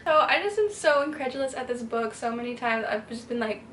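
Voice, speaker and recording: A woman's voice: on the high side, fairly quick, roomy sound, slight background noise, poor audio. A young woman chatting casually to camera in a reading vlog, giggly and full of "like" fillers. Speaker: reading vlogger. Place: indoors during a stay abroad.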